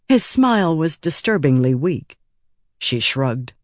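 A male audiobook narrator reading in a measured, even way. His voice sits a little high for a man, and the recording is dry and close with no room sound. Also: no room sound. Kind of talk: scripted narration.

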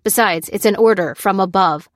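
A woman doing a gruff army sergeant man. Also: mid-range voice, moderate pace, no echo, studio quality, lightly acted. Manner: gruff, snapping orders. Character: gruff, short-tempered male army sergeant.

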